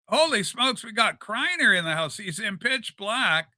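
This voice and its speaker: Bright-voiced, rambling male livestream host. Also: high-pitched, a little slow, hardly any pauses, dry recording. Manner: rambling and animated, with many fillers. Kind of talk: casual livestream chat. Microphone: desk microphone.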